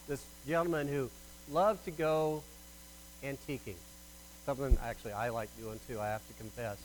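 A man with a slightly higher voice than most men delivers a sermon in an easy storytelling way, now and then tripping over a word and starting again. A faint hum runs under the recording. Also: low-quality recording. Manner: storytelling, acts out voices in jokes, slight stammer on restarts. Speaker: pastor.

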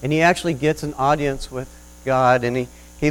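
In a low-quality recording, a brisk, medium-pitched man preaches as pastor. His illustration story comes across as heartfelt, with animated ups and downs.

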